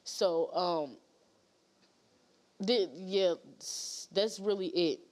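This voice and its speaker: A woman's voice: lowish voice, drawn-out words, darkish tone. A woman guest on a talk show, telling a painful story in a rambling way with many fillers and restarts.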